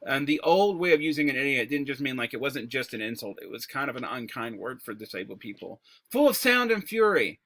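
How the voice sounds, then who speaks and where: A man teaching a recorded high school English lesson. He explains terms casually and breaks words into their parts. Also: fast talker, hardly any pauses, a bit bright, dry recording. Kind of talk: recorded classroom lecture.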